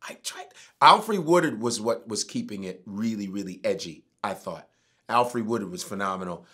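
A middle-aged man and comedian talking casually as a guest, animated and profane. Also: lowish voice, moderate pace, slightly rough. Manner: animated, profane, prone to outbursts. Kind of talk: casual interview chat.

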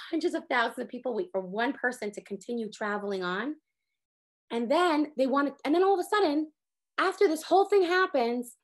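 A woman in her thirties with a high, quick voice gives a casual Torah lesson. She talks fast and with energy, acting out exasperated little prayers mid-sentence. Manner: animated, acts out exasperated prayers. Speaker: Torah teacher. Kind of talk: casual online class.

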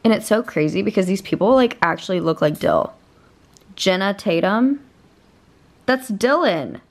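A woman's voice: mid-range voice, sing-song, normal speed, rough recording. A woman vlogging her day in a chatty, bubbly way, full of "like" and "um". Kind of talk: casual day-in-the-life vlog chat.

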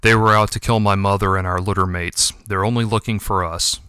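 A man's voice: lowish voice, steady tone, a little fast, clear, resonant tone, no echo, studio quality. A man voicing Yuki, a defiant young cat. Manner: forceful, defiant, a touch stammering. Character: young male cat, brave but nervous elder brother. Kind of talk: audiobook character voice.

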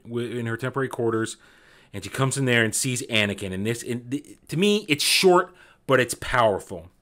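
A man hosting an informal book club, talking enthusiastically and animatedly, repeating himself as he builds his points. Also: medium pitch. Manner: enthusiastic, animated, with frequent restarts. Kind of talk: casual book discussion.

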